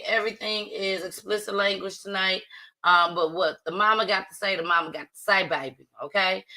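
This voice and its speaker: A woman hosting a casual livestream talk show, playful and slangy, often laughing and talking loudly. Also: lowish voice, low-quality recording. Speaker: host.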